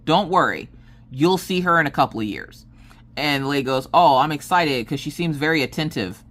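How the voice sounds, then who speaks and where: A woman's voice: low-pitched, expressive, normal speed. A woman crafting on camera and chatting casually, rambling through a story and acting out what everyone said. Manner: rambling storyteller who acts out quoted dialogue. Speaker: crafting vlogger and streamer. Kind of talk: casual chat while crafting.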